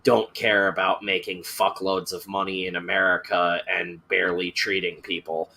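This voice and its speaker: A man's voice: sits low, flat delivery, normal speed, vocal fry, bright, forceful tone, slight background noise. A man hosting a casual chat, swearing freely and slipping into mocking voices. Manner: profane, joking, does mocking voices. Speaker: podcast host.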